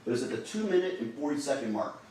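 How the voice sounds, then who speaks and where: A man presses his case to a jury in an emphatic, urgent tone, his pitch swinging widely as he stresses each point. He sounds set back from the microphone in a very reverberant courtroom. A faint hiss sits under the sound. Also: very animated, fast, darkish tone. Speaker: trial attorney. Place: large courtroom. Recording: very echoey courtroom audio from a distant mic with faint hiss.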